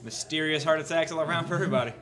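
A man's voice: a little high, very fast, faint music behind. A man co-hosting a comedy podcast, throwing in sardonic quips. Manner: sardonic quips, lively delivery. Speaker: podcast co-host. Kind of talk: casual comedy chat.

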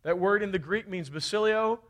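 A man's voice: high-pitched, moderate pace, fairly bright tone. A man from Kentucky preaching a fervent sermon, often calling out for amens. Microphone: handheld or head mic.

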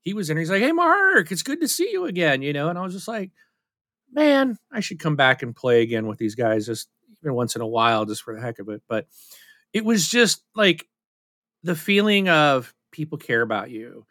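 A man talks in loose, casual podcast chat, candid and a little self-deprecating. He circles back and restarts often. His voice is bright and forceful, recorded dry with no room sound. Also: fairly high pitch, lively intonation, normal speed, dry recording. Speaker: podcast co-host.

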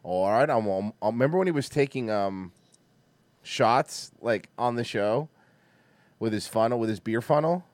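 A man hosting a stream, chatting in a rambling, animated way and swearing casually. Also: medium pitch, moderate pace, dry recording. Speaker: streamer host.

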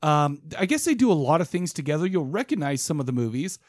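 A man's voice: fairly high pitch, very animated, fast, a little mellow, no room sound, studio quality. A man co-hosting a podcast, telling a rambling story in casual banter with lots of restarts. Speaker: podcast co-host.

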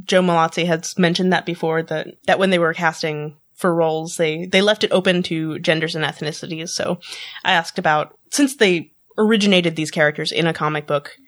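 A woman's voice: on the low side, fairly even intonation, a little fast. A woman chatting casually on a podcast, laughing often and restarting her words. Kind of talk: casual chat.

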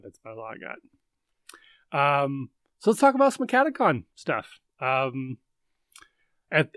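A man's voice: fairly high pitch, fairly bright tone, no room sound. A man hosting a casual live chat, rambling and thinking aloud with lots of fillers. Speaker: livestream host.

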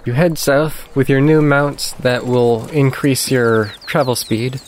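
A man narrating a tabletop game as game master, describing scenes in a calm, matter-of-fact way. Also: mid-range voice, takes it slowly, a little hiss or hum.

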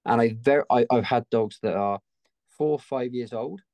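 A man's voice: medium pitch, moderate pace, a little mellow, dry recording. An Englishman who trains gun dogs, a guest in a conversational interview, explaining his methods emphatically. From England.

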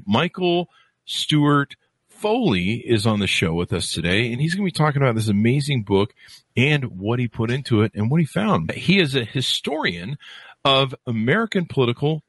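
Male podcast host, rambling and jokey, lively delivery, dry studio sound. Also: medium pitch, normal speed, slightly rough, no echo. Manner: jokey, rambling, self-interrupting. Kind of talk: upbeat podcast interview.

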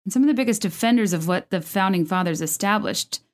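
A woman's voice: medium pitch, animated, fast. A woman talking casually at home, enthusiastic and chatty, with lots of fillers and restarts. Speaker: video creator discussing a musical. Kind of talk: casual commentary.

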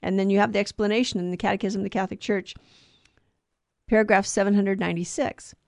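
A woman's voice: mid-range voice, steady tone, fast, gravelly, no echo, clean studio sound. A woman co-hosting a podcast, explaining a gospel reading in casual chat, digressing and correcting herself as she goes. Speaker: podcast co-host teaching scripture.

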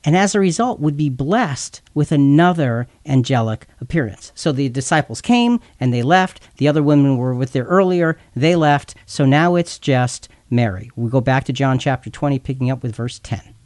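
A man's voice: medium pitch, expressive, normal speed, few pauses, a little mellow, dry recording. A man teaching a Bible passage in an earnest, explanatory way, sometimes stumbling and repeating words. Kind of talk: explanatory scripture talk.

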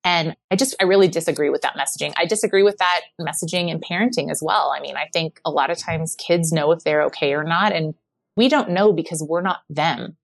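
Animated woman telling stories, low voice. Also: fairly quick, gravelly. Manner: animated storyteller who acts out quoted dialogue; frequent filler 'like'. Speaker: podcast guest. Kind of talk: casual conversation.

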